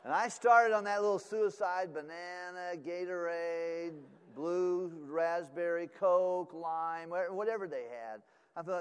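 Man preaching an animated sermon in a reverberant hall. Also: sits high, a little slow, smooth. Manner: animated, acts out voices, many fillers and restarts. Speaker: pastor. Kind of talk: sermon storytelling.

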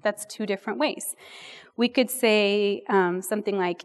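A woman's voice: mid-range voice, unhurried. Chatty woman teaching a sermon. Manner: chatty, self-deprecating, rambling asides. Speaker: women's ministry speaker. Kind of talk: sermon-style Bible teaching.

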